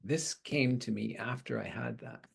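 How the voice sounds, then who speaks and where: Man, interview guest, husky voice, gravelly fry, halting personal story. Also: medium pitch. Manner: slow, hesitant, with restarts and soft trailing phrases. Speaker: astrology teacher and practitioner.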